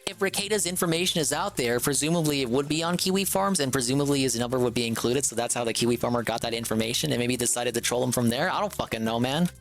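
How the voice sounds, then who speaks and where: A man's voice: mid-range voice, fast talker, few pauses, soft background music. A man streaming a reaction to a video, talking in a sarcastic, rambling way full of filler words.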